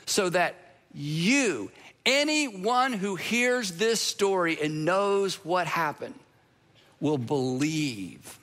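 A man preaching a sermon as pastor, earnest and emphatic, with dramatic pauses and sudden drops to a hush. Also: sits high.

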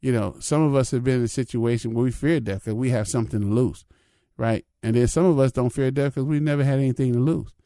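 A man's voice: mid-range voice, fast talker, warm tone, no room sound. An older man, a pastor, giving an informal spiritual reflection in a conversational way, often asking "you know what I mean".

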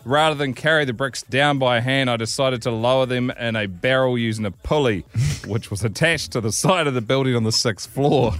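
Laughing radio host. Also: male voice, mid-range voice, normal speed, a bit bright, soft background music. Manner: reads aloud while breaking into laughter. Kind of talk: casual radio banter.

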